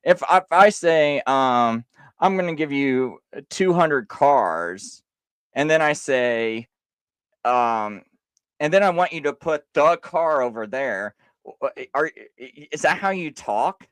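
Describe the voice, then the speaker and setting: Animated man arguing on a live stream. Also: on the high side, clear, resonant tone, no echo. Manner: animated, insistent, halting restarts. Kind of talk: casual live-stream argument.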